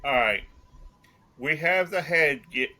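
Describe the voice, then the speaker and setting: A man's voice: on the high side, animated, slow, sharp tone. A man co-hosting a casual sports chat, bantering and joking with the others. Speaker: podcast co-host.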